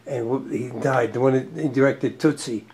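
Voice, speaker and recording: A man's voice: mid-range voice, moderate pace, darkish tone. A man hosting a talk show, chatting casually in an easygoing, rambling way. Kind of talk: casual chat.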